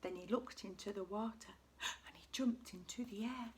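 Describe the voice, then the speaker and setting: A teacher reading a children's picture book aloud with expressive delivery. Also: female voice, medium pitch, normal speed. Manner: expressive, shifting voices and volume. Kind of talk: storybook read-aloud for children.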